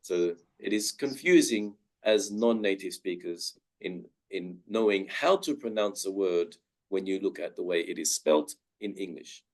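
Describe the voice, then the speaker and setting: A young man gives a webinar lecture as a guest speaker on pronunciation, carefully sounding out each word aloud. His voice is low-pitched and unhurried.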